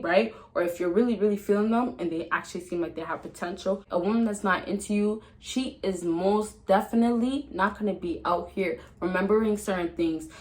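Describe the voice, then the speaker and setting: A woman giving dating advice to camera in a casual vlog, chatty and emphatic, swinging between loud excitement and a soft calm tone, laughing often. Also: medium pitch, low-quality recording. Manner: laughs often mid-sentence.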